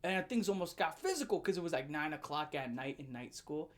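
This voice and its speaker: A woman telling a storytime rant as a vlogger, animated and profane, breaking into loud laughing shouts. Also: sits low, brisk.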